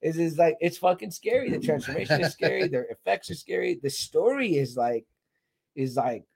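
A man's voice: on the high side, normal speed, creaky, breathy edge. Profane forty-something man retelling a film. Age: 40s. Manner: profane, animated storyteller with many fillers. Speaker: podcast co-host. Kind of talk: casual chat, retelling a film.

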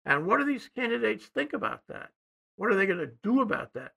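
An older man, co-hosting a casual political discussion, rambling and hesitant, often trailing off quietly. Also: high voice, big pitch swings, fairly quick, creaky. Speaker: co-host.

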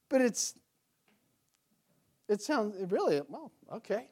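A male pastor preaching a sermon, asking rhetorical questions, building in force and then dropping low. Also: very animated, a little slow, pauses often, darkish tone, breathy edge.

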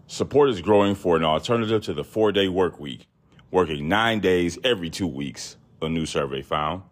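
A man hosting a podcast, telling a story in a casual, profane, animated way, acting out other people's voices. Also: deep voice, normal speed. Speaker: podcast host.

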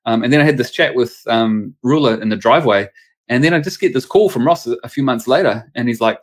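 New pastor telling a lively story. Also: male voice, mid-range voice, quick pace. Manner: animated storyteller acting out quoted voices. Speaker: pastor and sports chaplain. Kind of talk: casual storytelling interview.

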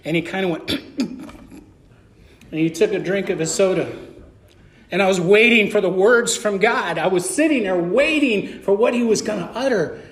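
A man's voice: high-pitched, moderate pace, long pauses. A middle-aged man preaching a sermon as pastor, telling a story and acting out the dialogue. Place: church sanctuary. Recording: echoey church room.

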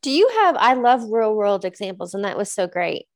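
A woman at an ordinary middle pitch, hosting a relaxed conversation. She speaks frankly and plainly and lets the odd swear word slip. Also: a little fast. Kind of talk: casual conversation.

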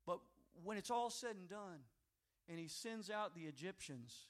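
A male pastor preaching a sermon, telling a story quietly and then rising to loud, fervent exhortation. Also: high voice, lively intonation, measured pace.

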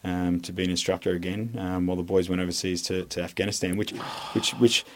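A man's voice: low-pitched, level tone, quick pace, a little hiss or hum. An Australian ex-army man talking as a podcast guest, blunt and rambling, with lots of fillers, restarts and swearing. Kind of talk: casual interview storytelling.

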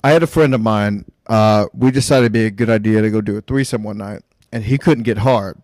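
A man's voice: fairly low pitch, fairly quick, darkish tone, no echo. A man hosting a podcast over a remote call, a little drunk, rambling and repeating himself. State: tipsy. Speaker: podcast host. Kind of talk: casual podcast chat.

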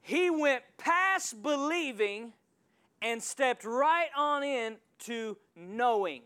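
A male pastor preaching a sermon in a church, calling out to the congregation and swinging from quiet asides to loud surges. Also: extremely high pitch, lively intonation, extremely slow, clear, resonant tone. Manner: call-and-response preaching with sudden loud surges.

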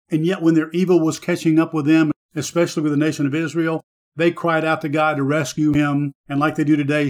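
A man hosting a short devotional Bible teaching, speaking in an earnest, measured preaching manner. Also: fairly high pitch. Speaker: radio Bible teacher and host.

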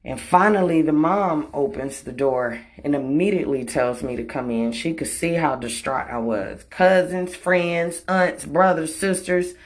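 A woman telling a personal story in a blunt, profane, emotional way. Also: low voice. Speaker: storytelling vlogger. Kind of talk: casual storytime monologue.

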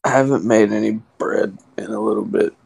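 Gravelly young man, rambling casually. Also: lowish voice, fairly even intonation, brisk, darkish tone, no echo. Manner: rambling, swearing, laid-back. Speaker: podcast co-host. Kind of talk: casual chat.

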